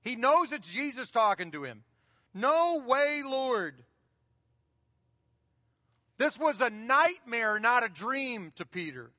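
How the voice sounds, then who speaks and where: Bright-voiced pastor preaching in a hall. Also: male voice, extremely high pitch, very animated, normal speed, few pauses, studio quality. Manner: conversational preaching, repeats key phrases. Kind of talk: sermon. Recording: long reverb of a large hall.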